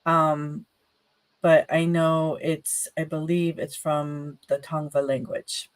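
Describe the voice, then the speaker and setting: A woman's voice: low-pitched, flat delivery, slow, no room sound. A woman co-hosting a virtual event, speaking in a friendly, casual way with many fillers over a video call. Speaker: co-host. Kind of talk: casual chat.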